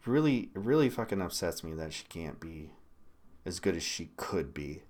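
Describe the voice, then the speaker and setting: A lower-voiced man from Michigan rants about politics on his own livestream. His delivery is blunt and peppered with swearing. He jumps from loud outbursts to muttered asides. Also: big pitch swings, normal speed. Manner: blunt, profane ranting with sudden loud bursts. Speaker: livestream host. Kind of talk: political commentary stream.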